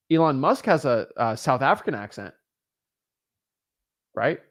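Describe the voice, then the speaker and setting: A man's voice: fairly high pitch, big pitch swings, moderate pace, long pauses. A man coaching real estate wholesalers in a casual livestream, answering viewer comments in an emphatic, motivational way.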